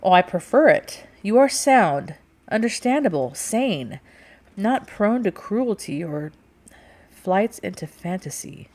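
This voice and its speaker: A woman's voice: mid-range voice, big pitch swings, takes it slowly, darkish tone. A woman reading the part of a guarded male sea captain who is blunt and easily exasperated in an audiobook. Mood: reflective.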